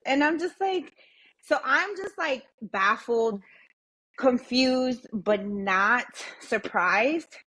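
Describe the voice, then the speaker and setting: A woman's voice: on the high side, expressive, extremely slow, sharp tone, husky, low-quality recording. A woman, young adult to thirties, telling a family story as a podcast guest in a candid, blunt way, swearing freely and acting out the voices of the people she quotes. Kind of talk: casual storytelling chat.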